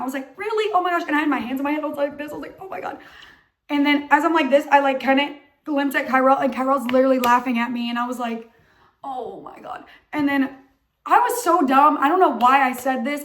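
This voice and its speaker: A young woman with a hoarse voice tells a story for her vlog in a high voice. She talks in an excited, chatty way and says "like" all the time. Her voice is still rough and not fully recovered. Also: a little hiss or hum. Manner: excited, chatty, heavy use of "like". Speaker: vlogger.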